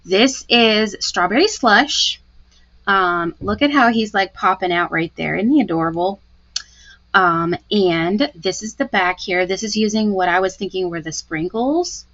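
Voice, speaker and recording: A woman's voice: mid-range voice, measured pace, a bit bright, dull audio. A woman giving a live craft tutorial, chatty and gushing as she talks through each step. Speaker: card-making demonstrator.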